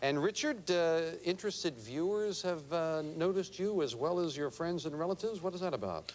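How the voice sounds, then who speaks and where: A chatty man hosts a studio game show. His fairly high voice swings up and down as he jokes with the players. Light hiss sits under the sound. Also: animated, moderate pace, darkish tone. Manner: upbeat, chatty emcee. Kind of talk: lively studio banter. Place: TV studio with audience.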